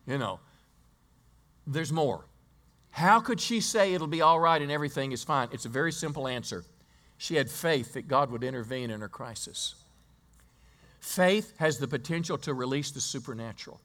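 A man preaching in a church sanctuary, his voice sitting a little high for a man. He tells the story in a conversational way, checks in with the congregation, and stumbles and repeats words as he builds his point. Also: lively intonation, fairly quick, a bit bright. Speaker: pastor. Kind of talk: sermon.

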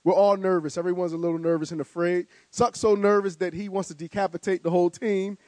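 A man from New Jersey, a guest speaker telling an animated story with vivid details and stammering repeats. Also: high-pitched, fast, no room sound. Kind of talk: storytelling speech.

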